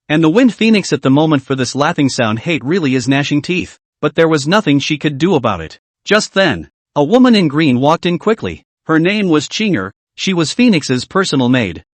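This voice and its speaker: A man narrating a fantasy comic recap in a dramatic, steady storytelling manner. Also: a little high, no room sound. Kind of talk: scripted narration.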